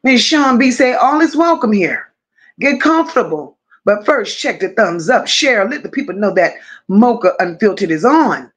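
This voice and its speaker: A woman's voice: a little high, sing-song, normal speed, slightly rough. A woman hosting a casual livestream, affectionately greeting viewers one by one and reading their comments aloud. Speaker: livestream host.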